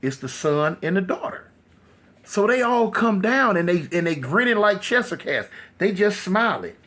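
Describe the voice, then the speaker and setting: A man telling a horror story casually, animated and loose with many fillers. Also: high-pitched, moderate pace.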